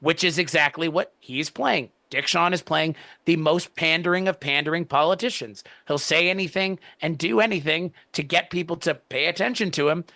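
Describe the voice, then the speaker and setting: A man co-hosting a podcast, reviewing a TV episode in animated, profane casual chat. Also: a little high, normal speed, creaky, hardly any pauses, no echo. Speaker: podcast co-host.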